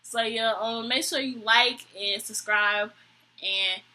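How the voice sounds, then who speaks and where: A young woman, telling a story to camera in an animated, exasperated way. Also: takes it slowly, rough recording. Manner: animated, exasperated, quotes people with high voices. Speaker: vlogger. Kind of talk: storytime vlog, casual chat to camera.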